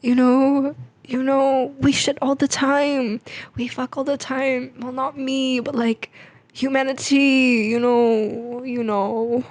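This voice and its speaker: A woman's voice: high voice, little pitch movement, takes it slowly, a little mellow, no echo. A young woman vlogging in a chatty, rambling, self-mocking way. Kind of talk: casual vlog chat.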